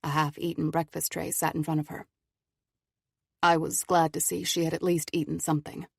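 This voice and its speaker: Low, gravelly female narrator, calm measured audiobook read. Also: no room sound, studio quality. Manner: calm, measured first-person telling.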